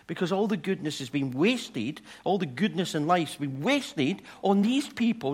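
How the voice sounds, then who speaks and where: A man preaching a sermon with a story, animated and swinging from loud to hushed. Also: on the high side, normal speed, hardly any pauses, slightly rough.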